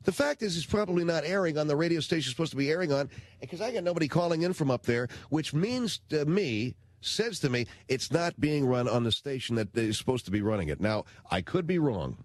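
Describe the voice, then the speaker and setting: A man's voice: on the high side, lively intonation, brisk, dry recording. A man hosting a radio talk show, ranting in a blunt, slangy, indignant way into a studio microphone.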